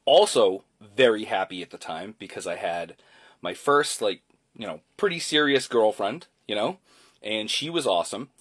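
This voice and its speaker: Man, 40s, husky voice, lively delivery, loose casual storyteller. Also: on the low side, normal speed. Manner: chatty, loose, swears casually.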